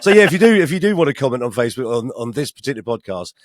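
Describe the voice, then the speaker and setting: A man's voice: medium pitch, big pitch swings, rapid-fire, dry recording, studio quality. A man co-hosting a podcast, telling rambling stories with frequent laughs and restarts. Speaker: podcast co-host. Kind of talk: casual banter.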